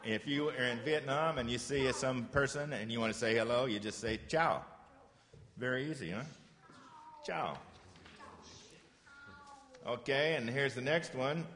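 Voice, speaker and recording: A man giving a lesson to children in a patient, encouraging way, slowly repeating phrases for them to say back. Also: mid-range voice, big-room sound, crowd noise. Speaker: teacher.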